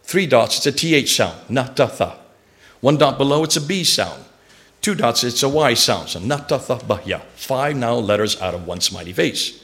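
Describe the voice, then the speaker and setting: A man lecturing a live audience, animated and quizzing listeners with rhetorical questions. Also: a little high.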